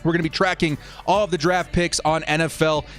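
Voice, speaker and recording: During a live fan stream, a young man with a slightly high voice for a man chats cheerfully, thanking supporters and reading out their comments. He talks fairly fast with little pitch movement, and soft music plays faintly underneath.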